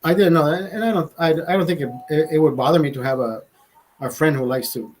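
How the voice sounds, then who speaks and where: Male streamer, voice a bit high, loose profane rambling, stammers and restarts, casual chat to viewers. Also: fairly quick, a little mellow, slight background noise, rough recording. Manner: laughs at own jokes. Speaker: livestream host.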